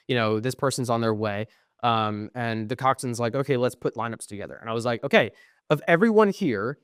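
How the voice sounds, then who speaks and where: A man's voice: mid-range voice, clean tone, no room sound. Young guy rambling through a story on a podcast, acts out the dialogue, curses a bit, dry mic. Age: young adult. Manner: animated storyteller, acts out quoted exchanges, frequent ums; swears when frustrated. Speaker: podcast co-host. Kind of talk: casual storytelling chat.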